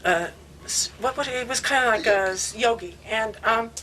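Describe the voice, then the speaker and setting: Woman, 60s, casual storyteller, animated and laughing, lightly raised pitch. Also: moderate pace, slight background noise, rough recording. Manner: animated, laughing, full of restarts. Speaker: longtime devotee recounting memories.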